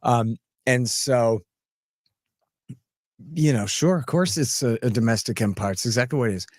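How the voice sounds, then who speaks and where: A man hosting a podcast, chatting casually and telling animated, chuckling stories. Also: mid-range voice, moderate pace, no room sound, clean studio sound. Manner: animated, chuckling, repeats phrases. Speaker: podcast host. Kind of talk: casual chat, anecdotal storytelling.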